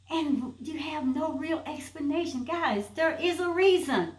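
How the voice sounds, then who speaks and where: A woman's voice: high voice, measured pace, few pauses, echoey room, rough recording. A woman giving an emphatic motivational talk, repeating rhetorical questions and building to a point. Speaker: inspirational speaker. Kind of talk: motivational preaching monologue.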